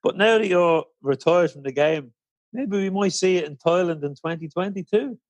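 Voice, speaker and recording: A man hosts a fan podcast and puts questions to his guest with easy banter. His voice sits a little on the high side and sounds close and dry, with no room around it. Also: normal speed, no room sound. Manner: friendly, bantering interviewer. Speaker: podcast host. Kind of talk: casual interview chat.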